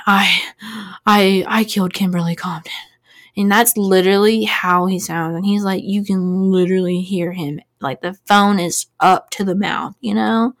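With vocal fry and a medium pitch, this thirtysomething podcast host keeps her true-crime chat loose and chatty. Fillers pile up, and "like" turns up after every few words.

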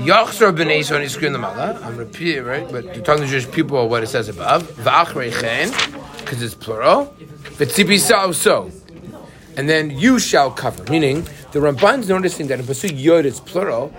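A man's voice: fairly high pitch, normal speed, crowd noise. A man teaching a Torah class who keeps asking his students questions. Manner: animated, asks the class questions.

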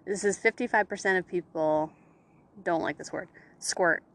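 A woman's voice: on the low side, moderate pace. A young woman chatting casually as a podcast co-host, frank and fond of swearing, with "like" in every other phrase. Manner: frank, swears freely, lots of "like". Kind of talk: casual chat.

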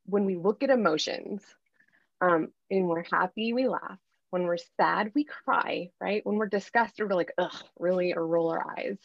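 A woman's voice: mid-range voice, gravelly, no echo, muffled recording. A middle-aged woman, a guest life coach, earnestly telling a candid personal story in a podcast interview. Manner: earnest, animated storytelling with filler ums.

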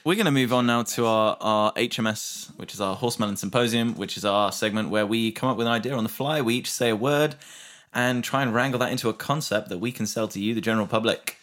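A playful man co-hosting a comedy podcast. His voice sits at an ordinary middle pitch, and he riffs casually, breaking into laughter as the ideas get sillier. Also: fast talker, fairly bright tone. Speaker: podcast co-host.

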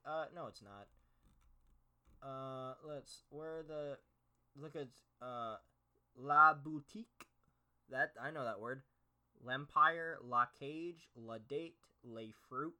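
A man's voice: on the high side, bright, forceful tone. A man hosting a solo podcast, reading aloud and reacting with sarcastic, profane, mock-outraged commentary. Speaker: podcast host.

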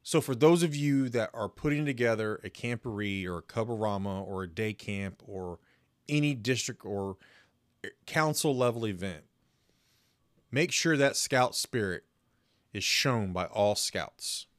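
Upbeat scoutmaster podcast host. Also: male voice, fairly low pitch, lively intonation, a little slow, dry recording, clean studio sound. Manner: friendly, upbeat, tells dad jokes. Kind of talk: casual podcast talk.

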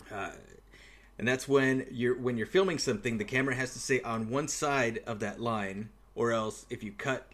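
Man, podcast co-host, explaining film technique, steady delivery, few fillers. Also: medium pitch. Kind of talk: casual movie discussion.

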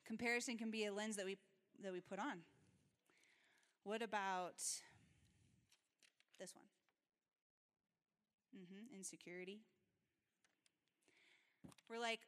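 A woman's voice: mid-range voice, fairly even intonation, slow pace, long pauses, fairly bright tone. A woman pastor giving a sermon in a casual, conversational and earnest way, laughing often. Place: church sanctuary. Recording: reverberant church hall.

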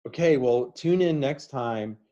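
A man's voice: mid-range voice, measured pace, warm tone. Jokey man with a muffled voice. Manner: playful, jokey, slips into goofy impressions. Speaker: podcast co-host. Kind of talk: casual comedic chat.

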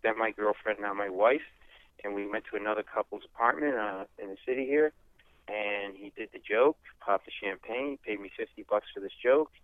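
A male comedian guest telling stories in a rapid, chatty way on a radio interview. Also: fairly low pitch, no echo. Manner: rapid, chatty anecdotal delivery. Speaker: comedian guest, former lawyer. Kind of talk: animated storytelling. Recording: tinny phone-like line.

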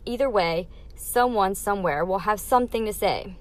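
A woman's voice: medium pitch, normal speed. A young adult woman hosting her own podcast, talking candidly through a numbered list of life lessons in a casual, emphatic way. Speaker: podcast host.

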